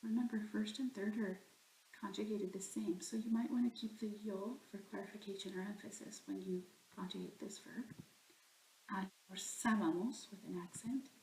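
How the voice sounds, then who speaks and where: A woman's voice: medium pitch, fairly even intonation, normal speed, a little mellow, roomy sound, slight background noise, rough recording. A woman teaching a recorded grammar lesson, explaining patiently step by step. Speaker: Spanish teacher.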